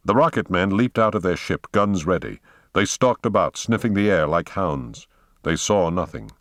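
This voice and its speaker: A man giving a slow, dramatic reading of an audiobook as its narrator. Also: low voice, expressive, a bit bright, no room sound, studio quality. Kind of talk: scripted narration.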